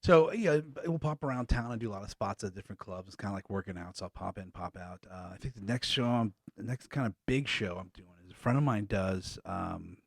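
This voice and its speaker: A man's voice: fairly low pitch, brisk, vocal fry, few pauses, breathy edge. Crude storytelling male stand-up comic. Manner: crude, conversational storytelling with acted-out quotes. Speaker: stand-up comedian guest. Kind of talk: stand-up set, then casual chat. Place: radio studio.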